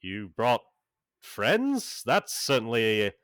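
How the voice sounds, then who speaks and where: A man's voice: mid-range voice, huge pitch swings, drawn-out words, a bit bright, smooth, no echo, clean studio sound, heavily acted. A man voicing a flustered older British man with an older British accent who keeps refusing in rising, exasperated protests.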